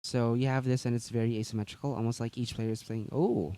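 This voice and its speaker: A man's voice: mid-range voice, steady tone, quick pace, warm tone, dry recording. A man co-hosting a tabletop gaming news stream, chatting casually and rambling with lots of fillers and restarts.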